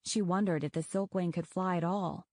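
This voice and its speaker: A woman narrating an audiobook in a measured, even way. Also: on the low side, no room sound, studio quality. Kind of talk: scripted narration.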